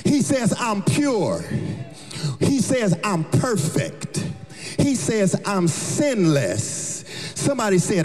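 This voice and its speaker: A high-voiced man preaches a rousing sermon, his pitch leaping through a wide, animated range as he chants and hollers to the congregation. His voice rings out in a big church with a long reverb, and faint music plays underneath. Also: takes it slowly. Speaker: pastor. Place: church sanctuary.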